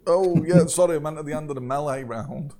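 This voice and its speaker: A man's voice: on the high side, fairly quick, crowd noise. A man running a tabletop game as game master, narrating rolls and laughing often as he goes. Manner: laughs often while narrating, relaxed and jokey.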